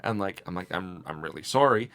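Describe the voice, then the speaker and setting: Animated young man telling a story. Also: low voice, a little fast. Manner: animated, mimics voices in retelling. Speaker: podcast co-host. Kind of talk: casual storytelling chat.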